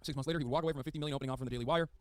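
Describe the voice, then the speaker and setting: A man's voice: medium pitch, steady tone, very fast, a little hiss or hum. A man streaming a reaction, reading an article aloud and breaking off with exasperated, profane commentary.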